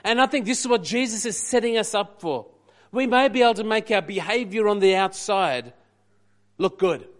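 A man preaching a sermon, animated and emphatic, rising loudly on key points and dropping to quiet asides. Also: sits high, normal speed. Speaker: pastor.

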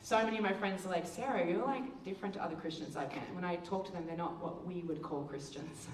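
A woman with a fairly low voice gives a slide talk, telling a story with lively, acted-out dialogue. She sounds a little away from the mic, in an echoey room, with faint ambience behind her. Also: fast, recorded from a distance, slight background noise. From Australia. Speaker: missions speaker. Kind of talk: presentation with slides. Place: hall with presentation slides.

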